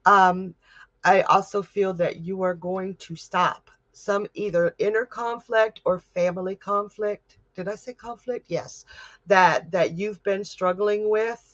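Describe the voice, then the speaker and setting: A woman working as a psychic medium who gives tarot readings on a livestream and reads viewer comments aloud in a gentle, comforting way. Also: mid-range voice, steady tone, measured pace, no echo, lo-fi sound.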